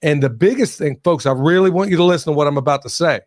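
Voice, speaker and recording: A male podcast host speaking with emphatic, hyped energy, often calling out to his listeners. His voice sits a bit high, recorded dry and close with no room sound. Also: fast, a little mellow, no echo. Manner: emphatic, hyped, addresses the audience directly. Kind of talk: podcast conversation.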